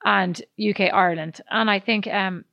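A woman co-hosting a podcast in casual chat, reacting quickly and laughing. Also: medium pitch, steady tone, gravelly, no room sound, dull audio. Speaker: podcast co-host.

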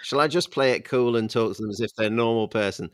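A man's voice: mid-range voice, quick pace, clean tone, no echo, studio quality. A man hosting a music podcast, asking conversational questions and introducing tracks. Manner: conversational, asks searching questions. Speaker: podcast host.

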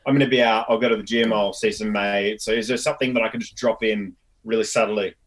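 A man's voice: on the low side, fairly even intonation, fast. A young man, an actor guest in a casual interview, talking in a laid-back, chatty way with plenty of fillers.

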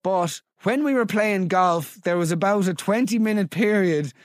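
A man hosting a comedy podcast, reading out listener stories with incredulous, animated energy. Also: high-pitched, moderate pace, dry recording, clean studio sound. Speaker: podcast host.

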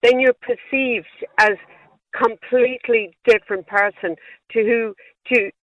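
A woman's voice: fairly high pitch, steady tone, measured pace, no room sound. A woman with a Wexford Irish accent calling in to a radio show over the phone, talking earnestly and proudly, with little laughs between phrases. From Ireland. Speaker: caller. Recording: tinny phone line.

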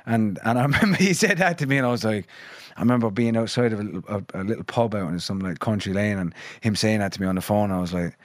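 Talking fast in a fairly low voice, the young musician guest swears a lot and leans on fillers like "like" and "you know" during this casual podcast chat. He grew up between London and New Ross, Ireland. The sound is studio quality with no echo.

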